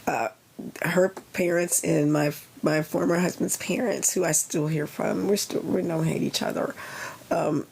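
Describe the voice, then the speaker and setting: A woman's voice: sits low, steady tone, unhurried, creaky, darkish tone, slight background noise. A middle-aged woman, a yoga teacher and author, chatting casually on a live stream from a sauna bag at home, rambling and heartfelt as she drifts between stories.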